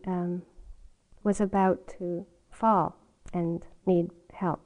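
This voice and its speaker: A woman's voice: medium pitch, dark tone, poor audio. Older woman telling a story with laughs. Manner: laughing often, storytelling with quoted asides. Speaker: meditation teacher. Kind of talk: dharma talk, personal story. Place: meditation retreat hall.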